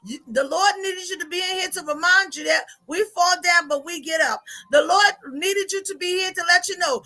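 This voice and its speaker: A woman life coach speaking, giving a lively motivational talk that turns to preaching to a live audience. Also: very high voice, normal speed, few pauses. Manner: expressive, laughs often, calls out to the audience.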